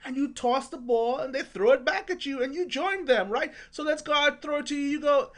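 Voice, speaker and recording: A woman coaching parents on spelling in a lesson video. Her fairly high voice stays upbeat, and she punches out each syllable sound with big emphasis. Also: brisk, hardly any pauses. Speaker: reading coach.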